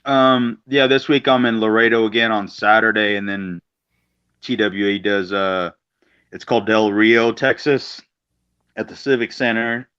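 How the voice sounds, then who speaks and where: A man's voice: on the low side, fairly even intonation, a little slow, a bit bright, smooth. A man, a guest wrestler, telling a road story in casual chat, blunt and profane, acting out the other people in quotes. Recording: slightly dull lo-fi sound.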